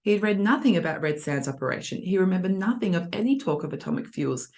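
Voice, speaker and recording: In an online tutoring lesson, a young adult woman teacher with a lowish, slightly mellow voice talks fast and animatedly. She walks students through reading test answers in a chatty, reassuring way, acting out example voices.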